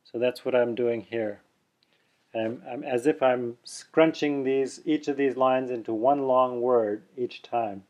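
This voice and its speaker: A man explaining pronunciation very slowly and deliberately and chanting each example with care. His voice sits at a middle pitch and comes through a dull, lo-fi recording. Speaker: Sanskrit pronunciation teacher. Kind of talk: pronunciation lesson with slow chanting.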